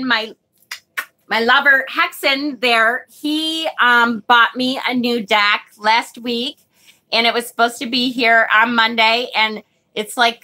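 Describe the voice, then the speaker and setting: Slightly high and bright, her voice comes across forcefully. She's running a tarot livestream, chatting loosely with viewers and reading their comments, frequently getting sidetracked and swearing when annoyed.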